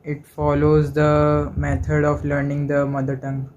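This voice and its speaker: Flat-voiced male student answering. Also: a little high, moderate pace, highs cut off. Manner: short, flat recited answers. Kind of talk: answering in class. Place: classroom.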